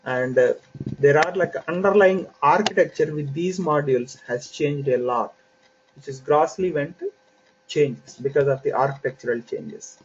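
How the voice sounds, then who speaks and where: Male software trainer, patient step-by-step explainer, slightly high voice, muffled lo-fi recording. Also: slightly rough. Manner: unhurried, explains step by step with fillers. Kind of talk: online training lecture. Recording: dull lo-fi audio with faint hiss.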